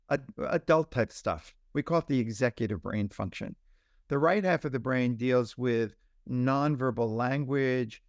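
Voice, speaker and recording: A man's voice: medium pitch, no echo, clean studio sound. Man explaining as a podcast guest. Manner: explanatory, animated with examples. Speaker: pediatrician guest. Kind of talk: podcast interview.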